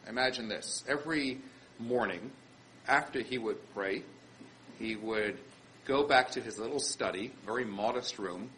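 Brief: male rabbi, lively storytelling sermon, bright tone, faint background noise. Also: mid-range voice, measured pace, rough recording. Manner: animated storyteller, acts out quotes.

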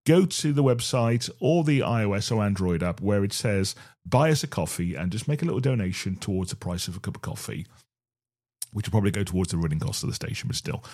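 A man's voice: medium pitch, darkish tone. A middle-aged man from the Black Country with a Black Country accent, hosting an internet rock radio show in a rambling, chatty, self-deprecating way. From Black Country, England. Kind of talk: casual radio show chat.

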